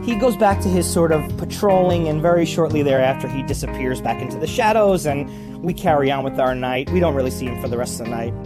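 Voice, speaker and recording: A man telling a casual spoken anecdote, acting out voices and sounds in a lively way. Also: on the high side, fast, over loud music. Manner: animated, acts out voices and sounds. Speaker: guest storyteller.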